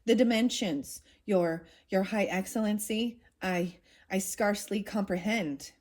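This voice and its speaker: A nervous, fawning male court official from a storybook, voiced by a woman reading it aloud, spoken softly in a plain, quiet reading voice. The tone stays low-key and unhurried. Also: close to an everyday voice. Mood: timid.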